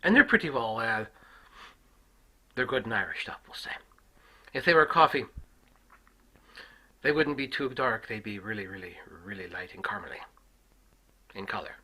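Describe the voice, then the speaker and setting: A man tells a family story as a profane comic rant, swinging between loud outbursts and hushed asides. His voice is low and husky with a sharp, tense edge, and it leaps around in pitch. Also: normal speed, long pauses, low-quality recording. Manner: swearing heavily, swinging from shouts to hushed asides. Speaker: comic ranter.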